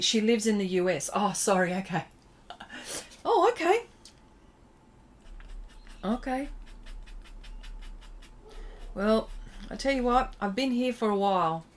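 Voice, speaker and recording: A woman's voice: mid-range voice, a little hiss or hum. A middle-aged woman, hosting an art livestream and chatting casually with viewers as she draws, reading their comments aloud in a self-deprecating way. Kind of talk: casual chat while drawing.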